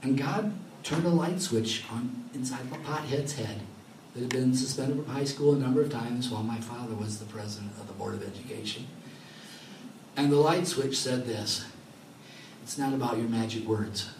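A man preaching a sermon, lively and laughing often, acting out the voices in his stories. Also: mid-range voice, moderate pace, noisy background. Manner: animated, laughing often, acts out quoted voices. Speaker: pastor. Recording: roomy sound from far off, faint ambience.

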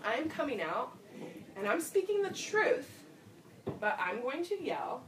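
A woman preaching a sermon in a reflective, personal way, with soft laughs along the way. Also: high voice, sing-song, unhurried, noisy background. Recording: roomy sound from a distant mic, faint ambience.

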